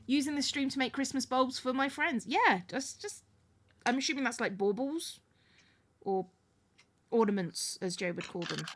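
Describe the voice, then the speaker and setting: A woman's voice: sits high, moderate pace. A woman hosting a live stream, chatting casually while she sews crafts and thanks viewers, often restarting her sentences. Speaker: livestream host.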